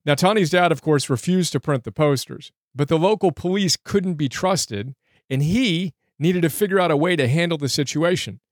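A man's voice: a little high, normal speed, dry recording. Brief: a sincere, earnest man reading from a book and reviewing it as host, dry and close.

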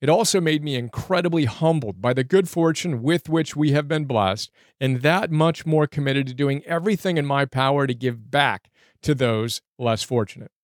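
A man's voice: medium pitch, moderate pace, no room sound, clean studio sound. A man hosting a show that reads from and reviews a book, speaking in an earnest, sincere way. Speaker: book summary host. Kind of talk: reading aloud and reviewing a book.

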